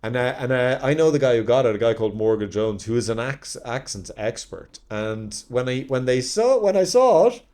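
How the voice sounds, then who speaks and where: A man's voice: mid-range voice, normal speed, few pauses. A man, an actor guest on a podcast, telling anecdotes from his career in casual chat and acting out the people he quotes. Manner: animated storyteller who acts out quoted people.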